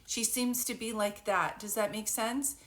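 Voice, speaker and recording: A woman's voice: fairly high pitch, fairly even intonation, measured pace, fairly bright tone. Chatty woman giving a psychic reading. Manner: chatty and informal; laughs often. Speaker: psychic medium. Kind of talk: live spirit reading.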